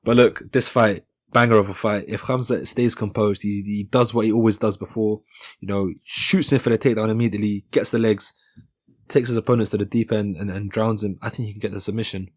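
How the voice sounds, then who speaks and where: An MMA channel host gives a casual, joking breakdown of upcoming fights on his own channel, often correcting himself mid-sentence. His voice is fairly low with a steady tone, and he speaks briskly.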